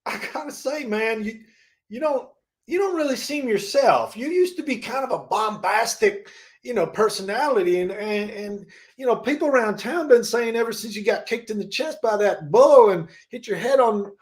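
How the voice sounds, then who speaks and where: A man's voice: very high voice, animated, normal speed. A man voicing a folksy cowboy in an improvised comedy scene, rambling in a drawl as he chides a friend.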